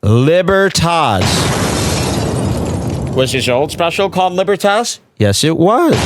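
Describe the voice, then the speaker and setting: A man hosting a comedy podcast, mocking a stand-up clip with sarcastic commentary and sudden loud impressions. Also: mid-range voice, a little hiss or hum. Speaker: podcast host.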